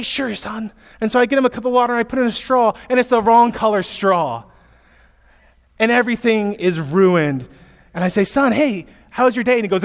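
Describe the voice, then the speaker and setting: A man in his thirties, a pastor giving a sermon, telling stories with lively asides to his listeners. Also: extremely high pitch, fast. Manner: storytelling with animated asides to listeners. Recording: echoey hall, long reverb.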